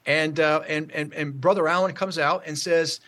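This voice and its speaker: A man telling a church testimony story on a call, halting, with many fillers and restarts. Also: a little high, fairly even intonation, a bit bright. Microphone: call audio.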